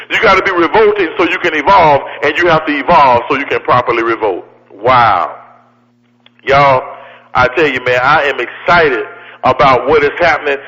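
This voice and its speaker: A man's voice: fairly high pitch, sharp tone, muffled recording. A man giving a fiery motivational speech with a preacher-like cadence, repeating his lines and calling out to the crowd. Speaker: motivational speaker. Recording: long hall reverb.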